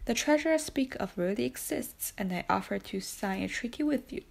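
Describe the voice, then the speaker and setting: An insistent old prisoner-priest pressing his case, proud and scornful of his jailers, as a woman reads him aloud. The voice sits a little high with a gravelly edge, hushed rather than loud. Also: animated, normal speed. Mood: pleading. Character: elderly imprisoned male priest, insistent and proud.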